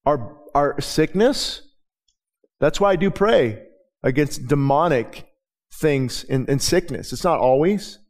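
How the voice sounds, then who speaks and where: Man, preacher, middle-aged, slightly high voice, chatty sermon full of restarts. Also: lively intonation, takes it slowly. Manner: conversational storytelling with many restarts.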